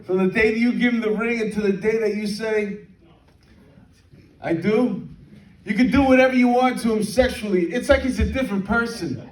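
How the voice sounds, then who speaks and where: Brash high-voiced comic in an echoey hall. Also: male voice, normal speed. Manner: brash, streetwise, lots of "man" and shouted impressions. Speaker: stand-up comedian. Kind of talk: stand-up comedy set. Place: comedy venue with live audience. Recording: echoey room, mic heard from far, crowd laughter.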